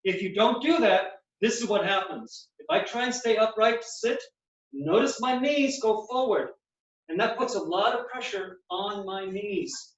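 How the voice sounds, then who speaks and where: A man's voice: high-pitched, measured pace. A male physical therapist explaining and demonstrating knee exercises step by step in a clinic. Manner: instructive, explains while demonstrating movements. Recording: echoey, distant, dull sound.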